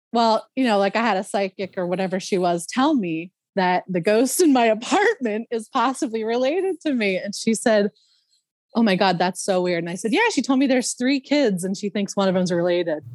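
A woman, a podcast guest, telling a personal story in a casual, animated way, laughing often and imitating other people's voices. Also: mid-range voice, no echo.

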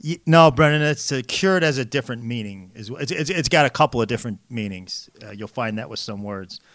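A man's voice: medium pitch, expressive, fairly quick, fairly bright tone, no room sound. A man co-hosting a word podcast in casual chat, dry and teasing as he grades his partner's jokes. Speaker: podcast co-host.

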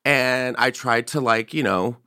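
A man's voice: mid-range voice, measured pace, clean tone, no room sound, studio quality. A man hosting a casual comedic podcast chat, telling stories and acting out the people in them. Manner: animated storyteller, acts out quoted people. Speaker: podcast host.

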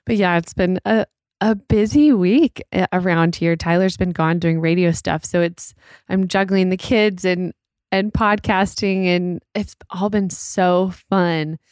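A woman's voice: fairly low pitch, measured pace, darkish tone, no echo, clean studio sound. A woman in her thirties co-hosting a podcast in casual chat, talking in a chatty way and laughing often. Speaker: podcast co-host.

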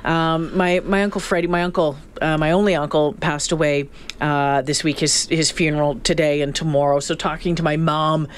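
A woman's voice: sits low, flat delivery, moderate pace, a little hiss or hum. A woman co-hosting a radio talk show, chatting casually and reading out survey figures. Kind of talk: casual on-air chat.

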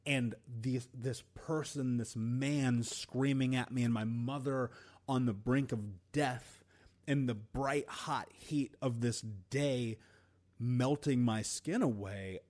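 A man hosting a podcast and telling a personal story in an earnest, emotional way, with deliberate pauses. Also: medium pitch, a little mellow. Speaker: podcast host.

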